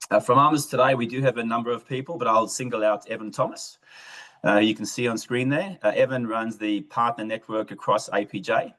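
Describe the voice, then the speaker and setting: A man's voice: mid-range voice, a little fast, a bit bright, poor audio. A man hosting a webinar, giving an introduction and reading a guest's bio in a hesitant way. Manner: hesitant, with many fillers. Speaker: webinar host.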